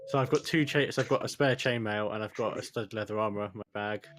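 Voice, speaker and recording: A man's voice: lowish voice, fast, fairly bright tone, slight background noise. A man playing a tabletop game, offering wares to a shopkeeper in polite, formal speech. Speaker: player.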